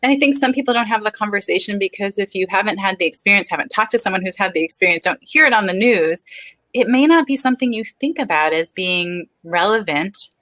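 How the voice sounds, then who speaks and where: A woman's voice: medium pitch, lively intonation, fast, a bit bright, dry recording, rough recording. A woman in her forties, a speech-language pathologist, speaking frankly and earnestly as an interview guest. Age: 40s. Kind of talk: candid interview talk.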